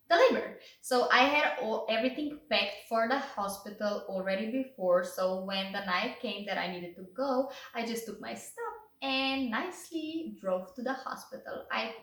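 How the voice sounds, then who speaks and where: Young woman vlogger, chatty, higher voice, heard from a little way off the mic in an echoey room. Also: a bit bright, distant mic. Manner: chatty, says "like" often. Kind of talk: casual storytelling. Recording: roomy echo, away from the mic.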